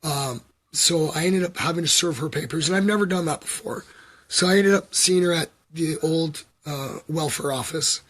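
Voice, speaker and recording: A man's voice: fairly high pitch, moderate pace, fairly bright tone. A middle-aged man, rambling and confessional in a casual livestream chat, full of fillers and asides to his viewers. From Canada. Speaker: vlogger.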